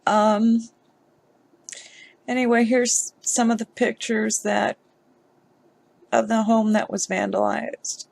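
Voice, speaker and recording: A woman vlogger giving emotional commentary on a news story, upset and halting, with sighs. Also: fairly high pitch, level tone, vocal fry, a little mellow.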